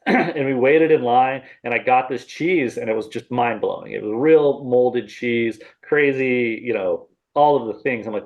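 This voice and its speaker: A man's voice: medium pitch, moderate pace, muffled recording. A middle-aged man, a podcast guest, telling his story in a casual interview, often laughing and acting out what he said back then. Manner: animated storyteller who acts out his own remarks, laughs often. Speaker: podcast guest, salami maker.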